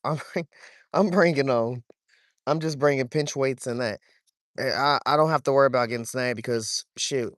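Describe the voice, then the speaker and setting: A young man, talking to his chat while wading and fishing, swearing freely and getting excited over a fish. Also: mid-range voice, dry recording, clean studio sound. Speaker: fishing vlogger. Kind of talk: casual vlog narration while wading. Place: outdoors, wading in a shallow creek.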